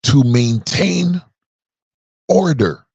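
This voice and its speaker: A man's voice: fairly high pitch, expressive, very slow, creaky, darkish tone, husky, no echo. A man around forty giving an emphatic, preachy opinion monologue on a podcast. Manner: emphatic and preachy, drawing out key words. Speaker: podcast commentator.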